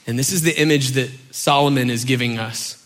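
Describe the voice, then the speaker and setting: Animated pastor, bright voice. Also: male voice, mid-range voice, fairly quick. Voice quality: animated storyteller, acts out shouting parents. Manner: conversational with many fillers, drops soft for key points. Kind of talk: sermon.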